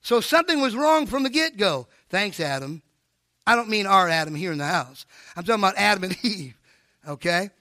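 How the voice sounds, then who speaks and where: An older man preaching a sermon at a live church service, animated and preachy, with joking asides. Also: sits high, brisk, dry recording, clean studio sound. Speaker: pastor.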